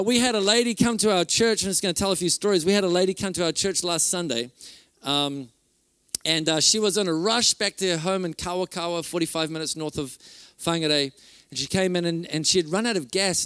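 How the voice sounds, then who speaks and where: A male pastor tells stories from a conference stage, slightly higher-pitched than most men. He speaks in an animated, excitable way, full of ums and restarts. The sound is dry and close, with no echo. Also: a little fast, clear, resonant tone. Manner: animated, excited storyteller, laughs and fillers. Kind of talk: conference sermon storytelling.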